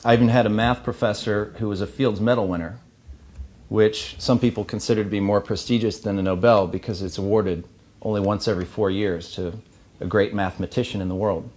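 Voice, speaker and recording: A keynote speaker in his thirties from Missouri addresses an awards ceremony in a banquet hall, talking a little fast. His voice is lowish and darkish with fairly even intonation, and he tells earnest stories lightened by humor.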